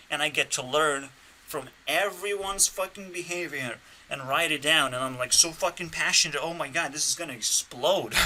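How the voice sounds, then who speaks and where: Bright-voiced man ranting, slow and erratic. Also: on the high side. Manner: profane, erratic, swinging between shouting and muttering; trolling, laughing at his own provocations. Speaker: channel host. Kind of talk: unscripted rant to camera.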